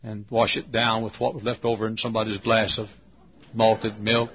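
A man preaching a folksy storytelling sermon, dropping to hushed tones and rising again, on a lo-fi recording. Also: lowish voice, little pitch movement, moderate pace. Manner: folksy, swings from hushed to loud.

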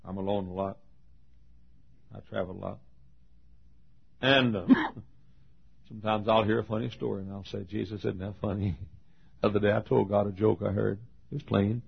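An older man preaching a folksy, storytelling sermon, swinging between loud passages and hushed asides. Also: fairly low pitch, little pitch movement, normal speed, vocal fry, long pauses, husky. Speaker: pastor. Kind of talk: sermon with acted quotes. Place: auditorium. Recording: dull lo-fi sermon recording.

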